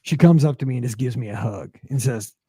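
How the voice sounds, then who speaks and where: Animated man telling a cruise story. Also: a little fast, husky, dry recording, clean studio sound. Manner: animated storyteller, many "like" fillers, jumps in pitch when excited. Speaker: podcast host. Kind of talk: casual chat.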